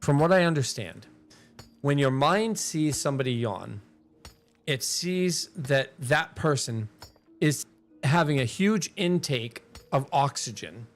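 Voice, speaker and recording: A male game streamer at a medium pitch talks in a loose, rambling way, half to himself and half to his viewers. Faint music plays behind him. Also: expressive, slow pace. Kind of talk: casual thinking aloud while gaming.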